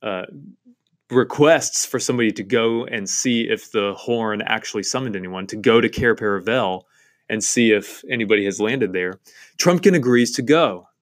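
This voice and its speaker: A man's voice: fairly low pitch, normal speed. A man giving a devotional Bible-study talk on a novel, earnest and enthusiastic, with frequent fillers and restarts.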